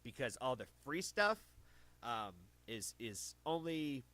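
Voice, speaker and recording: This man's voice sits at medium pitch and comes across very animated, slow, pushed and bright. He's chatting casually with viewers on a livestream, wandering off and correcting himself, his own streaming mic adjusted close.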